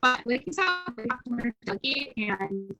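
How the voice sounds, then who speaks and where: A woman's voice: on the high side, a little fast, over loud music, rough recording. A woman co-hosting a casual chat over a video call from home, frank and rambling, swearing casually. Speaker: co-host.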